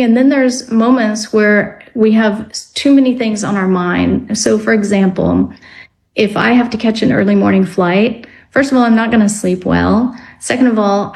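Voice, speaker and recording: A woman speaks as a guest on a radio talk show. Her delivery is reflective and explanatory. She slows down on some words as she works through her ideas. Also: medium pitch, a little mellow, low-quality recording. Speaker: guest author on dreams. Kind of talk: radio interview.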